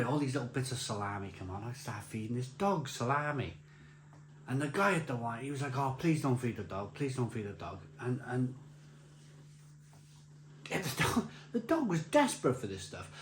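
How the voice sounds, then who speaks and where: A beer vlogger with a mid-range voice tells a casual, rambling anecdote at a beer festival, laughing and restarting many times. There's slight background noise, a roomy echo, and faint ambience.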